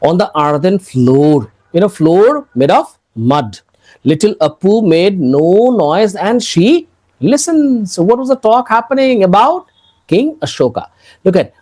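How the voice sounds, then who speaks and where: Teacher going through a textbook lesson, mellow voice, lots of up and down. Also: mid-range voice. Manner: explains words step by step, asks and answers own questions. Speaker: English teacher. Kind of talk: explaining a school textbook chapter.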